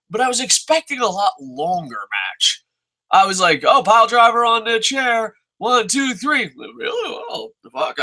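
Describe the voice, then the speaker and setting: High, bright-voiced ranting man. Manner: heavy swearing, exasperated, sarcastic. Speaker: wrestling show reviewer. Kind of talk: profane ranting review.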